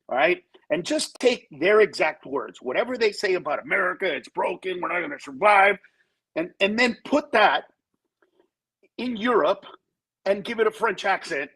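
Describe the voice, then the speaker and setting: Husky, animated comedian man on a phone line. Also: high-pitched. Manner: animated storytelling, shifts into mocking voices. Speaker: guest comedian. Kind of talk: casual phone-in chat. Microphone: phone over Bluetooth.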